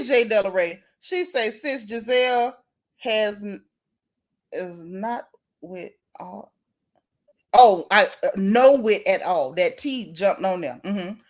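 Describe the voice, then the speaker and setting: A middle-aged woman, hosting a casual gossip livestream, animated and sassy as she reads out viewer comments. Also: medium pitch. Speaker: livestream host.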